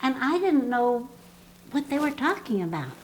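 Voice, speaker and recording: Squeaky-voiced older woman telling stories. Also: moderate pace, slight background noise, poor audio. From US East Coast. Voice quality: little squeaky voice. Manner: animated storyteller, laughs often. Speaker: guest actress. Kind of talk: casual interview chat.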